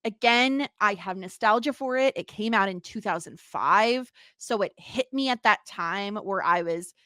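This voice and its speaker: A woman's voice: medium pitch, measured pace, no echo, clean studio sound. A woman in her thirties co-hosting a podcast in casual, jokey chat. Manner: animated, jokey, bursts into laughs. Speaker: podcast co-host.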